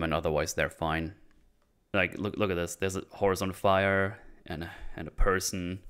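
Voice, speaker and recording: A man's voice: low voice, a bit bright, clear, resonant tone. A man hosting a casual recap, sarcastic and irreverent as he mocks plot holes. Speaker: channel host reviewing a series.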